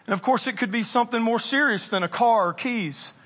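A high, bright male voice preaching in his forties, with a slightly breathy edge. He tells jokes at his own expense and swings between lively storytelling and quiet stress. The sound rings with the long reverb of a large church hall. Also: fairly quick. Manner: animated, self-mocking storytelling. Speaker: pastor. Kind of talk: sermon.

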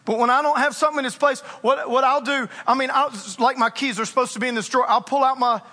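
Pastor in his 40s, high bright voice, a bit breathy, joking about himself, big echoey church. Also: fast. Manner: animated, self-mocking storytelling. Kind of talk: sermon. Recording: long reverb of a large church hall.

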